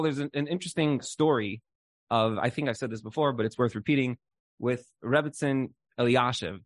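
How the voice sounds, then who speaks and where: A man's voice: medium pitch, dry recording. A man giving a casual Torah class, telling stories in a loose conversational way, often saying "like". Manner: conversational storytelling with frequent "like" fillers. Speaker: Torah teacher.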